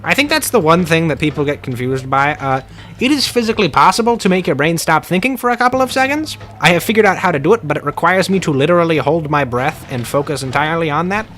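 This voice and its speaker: A man's voice: on the high side, animated, fast, a bit bright, soft background music. A man streaming a game, chatting casually and playfully with his viewers in a rambling way.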